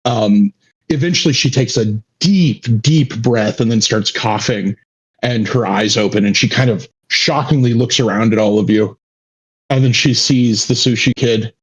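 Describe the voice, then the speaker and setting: A man's voice: mid-range voice, normal speed, breathy edge, muffled recording. A man running a tabletop game as game master, narrating with many halts and restarts.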